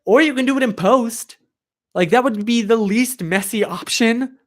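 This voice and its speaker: A man with a very high voice speaks at normal speed while live-streaming from a chilly room. He rambles casually, says "like" a lot, and answers his viewers' chat directly through his streaming microphone.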